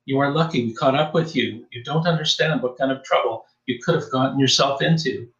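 A man's voice: medium pitch, brisk, a bit bright, recorded from a distance, muffled recording, lightly acted. A man voicing an old village priest in his seventies, earnest and urgent, recorded with a roomy echo. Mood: stern.

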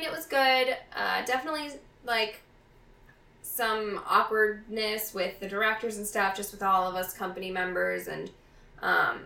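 A woman's voice: mid-range voice, pushed and bright, echoey room, far from the mic. A woman co-hosting a casual podcast at a friend's home, chatty and frank. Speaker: podcast co-host.

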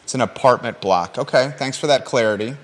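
A man's voice: mid-range voice, fairly quick. A male talk show host who reads the local news and then jokes around with his co-host, pushing him with teasing repeated questions. His voice sits in a middle range, and the room gives it a long, lingering reverb.

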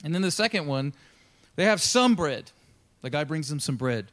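Lively, chatty preacher man. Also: a little high, normal speed. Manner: casual, chatty storytelling that acts out the characters' lines. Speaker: pastor. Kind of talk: sermon. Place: church.

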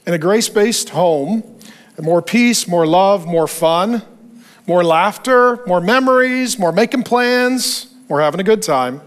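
Unhurried and high-pitched, this male pastor delivers a sermon built on animated storytelling. He brings the stories to life by performing what each person said.

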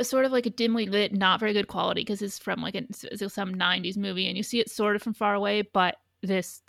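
A woman co-hosting a podcast, talking in a loose, rambling way with lots of restarts and casual swearing. Her voice has a gravelly edge. The recording is dry and close. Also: medium pitch, fairly bright tone, no room sound. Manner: rambling, profane, frequent restarts. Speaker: podcast co-host. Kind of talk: casual chat.

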